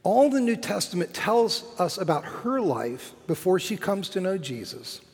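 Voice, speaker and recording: A man, a cathedral dean, preaching a sermon in slow, measured phrases with emphatic rises. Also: sits high, big pitch swings, husky. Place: large cathedral. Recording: long hall reverb.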